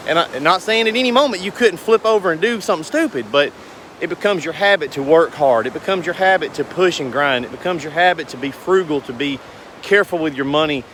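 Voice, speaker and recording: A man's voice: on the high side, expressive, fast talker, a bit bright, slight background noise. A man, talking casually to his viewers in a rambling, earnest, folksy way. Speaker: business owner vlogger. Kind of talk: casual talk to camera.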